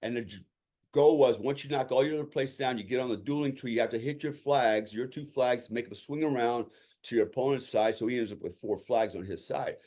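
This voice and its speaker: Man, mid-pitched voice, podcast guest, veteran telling a story, casual and animated, acts out quoted lines, lots of "you know" and "right?". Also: fairly quick. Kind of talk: conversational storytelling.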